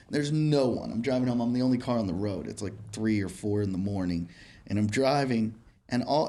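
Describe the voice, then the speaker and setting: A man's voice: mid-range voice, a little mellow. A comedian from Pittsburgh with an ordinary male voice in the middle range tells a story in casual podcast chat. He rambles and restarts his sentences and laughs at his own tale as he goes. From Pittsburgh, USA.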